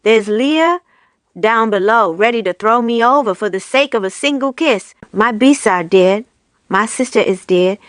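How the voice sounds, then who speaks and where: A woman's voice: on the high side, dry recording, close to an everyday voice. Woman reading as a bitter, paranoid witch. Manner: accusing, intense.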